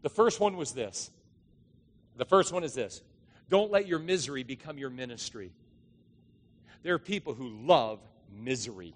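A middle-aged male pastor preaching a sermon, telling stories and acting out the voices with drawn-out dramatic lines. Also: mid-range voice, lively intonation. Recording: long hall reverb.

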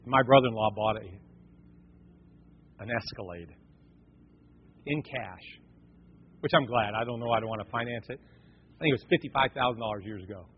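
A man's voice: fairly low pitch, normal speed, pauses often, slightly rough. A man preaching a sermon in a folksy storytelling way, talking to his congregation as folks. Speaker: pastor. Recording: dull, echoey church hall recording.

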